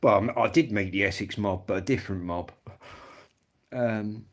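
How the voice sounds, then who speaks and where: A man's voice: lowish voice, moderate pace. A man, rambling and swearing freely as he chats casually to viewers on a live stream. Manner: rambling, swearing, blokey storytelling.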